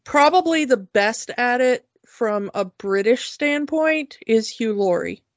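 A woman's voice: fairly high pitch, expressive, slow pace, no echo. A woman co-hosting a podcast, chatting casually and telling a story with frequent restarts. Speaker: podcast co-host. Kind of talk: casual chat. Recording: dull lo-fi sound.

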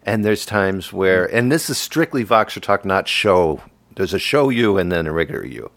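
A man's voice: low voice, lively intonation, normal speed, a bit bright, dry recording. A man hosting a podcast in casual chat, teasing his guest, laughing often and fond of doing impressions.

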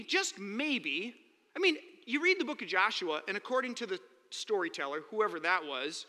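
High, bright-voiced preacher in a hall. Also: male voice. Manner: animated storytelling, acting out quotes. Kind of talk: sermon. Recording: long hall reverb.

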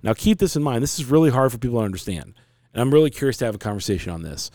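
A man's voice: medium pitch, very animated, rapid-fire, warm tone, dry recording, studio quality. A man in his forties, hosting a podcast and earnestly telling a long, rambling personal story in casual conversation.

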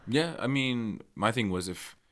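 A man's voice: medium pitch, animated, measured pace, background noise. A man co-hosting a podcast, talking bluntly and heatedly with heavy swearing in casual chat. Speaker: podcast co-host.

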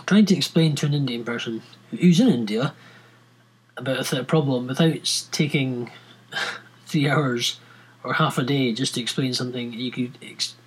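A Scottish man speaks in a husky, slightly breathy voice at a middle pitch. He rants to his viewers in a loose, rambling way, often restarting his sentences and filling the gaps with ums and uhs. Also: moderate pace, low-quality recording. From Scotland. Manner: rambling, with many restarts and fillers. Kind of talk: casual rant to viewers.

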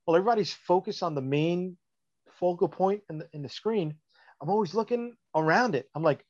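High-voiced, blunt swearing man. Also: fairly quick, dry recording, dull audio. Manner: blunt, profane, dismissive. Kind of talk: casual chat.

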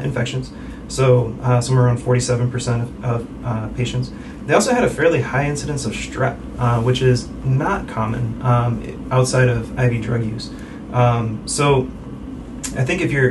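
A man, an emergency physician, telling a case story with many fillers in a casual medical podcast. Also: mid-range voice. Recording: distant mic with background noise.

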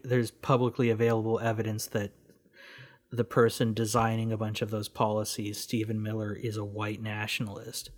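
A man in a podcast interview speaks slowly, with a flat, unvaried delivery. His voice sits a little low, and he keeps stopping on fillers and restarts before landing his points bluntly. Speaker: guest, independent researcher running a news project.

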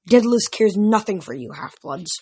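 A sneering, arrogant ghost king with a husky, breathy edge, as a woman reads him aloud in a storybook. He talks down to everyone, smug and mocking. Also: medium pitch, lively intonation, normal speed, mellow.

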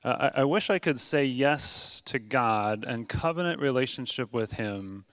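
A man's voice: medium pitch, animated, a little slow, fairly bright tone, no echo, clean studio sound. A man preaching a sermon in an earnest, conversational way, with many ums and uhs. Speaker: pastor.

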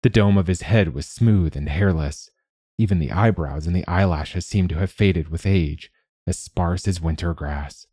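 A man reading a novel aloud in measured, steady scripted narration. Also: sits low, slightly rough, no echo, clean studio sound. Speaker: audiobook narrator.

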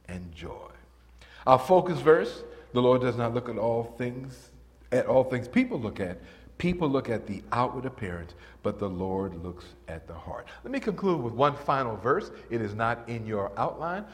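An older man preaching a sermon and telling stories, swinging from soft and low to high and loud when excited. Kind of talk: sermon with storytelling. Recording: reverberant church hall.

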